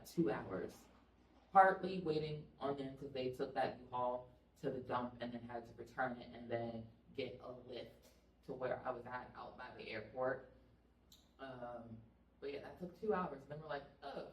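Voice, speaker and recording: Brief: expressive, laughing woman vlogger recounting a road trip to camera; roomy, off-mic recording with faint background noise. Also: a bass voice. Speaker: family vlogger. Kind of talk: casual storytelling to viewers. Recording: roomy sound, mic at a distance.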